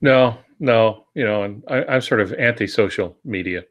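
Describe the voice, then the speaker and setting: An older man with a fairly low voice co-hosts a podcast about writing. He talks in a measured, teacherly way and slips in dry jokes. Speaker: podcast co-host, writer. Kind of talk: casual podcast chat.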